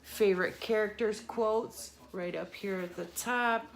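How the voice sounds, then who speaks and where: A middle-aged unboxing vlogger talks a little slowly in a creaky, mid-range voice as she goes through a subscription box. She chats casually, exclaiming over each item and laughing at herself when she mispronounces a word.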